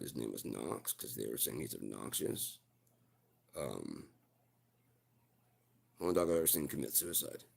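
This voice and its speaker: Man, livestream host, rambling, profane, very deep, husky. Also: a little mellow. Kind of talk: casual livestream storytelling.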